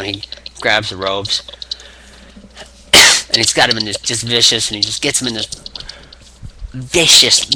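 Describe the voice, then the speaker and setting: A man talking casually in a vlog, rambling through a play-by-play with many restarts and fillers. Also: on the low side. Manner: rambling, full of restarts and acted grunts. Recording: steady background hiss.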